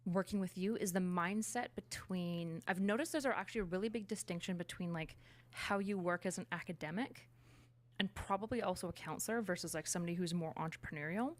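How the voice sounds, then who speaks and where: A woman's voice: lowish voice, fairly quick. A woman in casual conversation, explaining things at length with many fillers.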